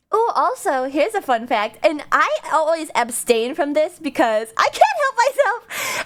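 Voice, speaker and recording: A woman streamer chatting casually with her viewers, bubbly and rambling, with quick asides and giggles. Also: high voice, expressive. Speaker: VTuber streamer.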